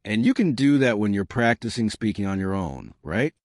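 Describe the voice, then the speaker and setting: A man's voice: lowish voice, lively intonation, moderate pace, darkish tone, no echo, clean studio sound. A man teaching learners, encouraging and often checking in with "right?". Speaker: English teacher.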